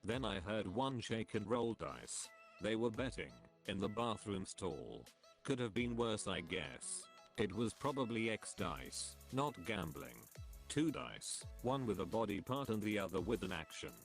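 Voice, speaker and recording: A man reading forum stories aloud in a steady, matter-of-fact delivery. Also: on the low side, a little slow, gravelly, soft background music. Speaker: narrator reading online posts.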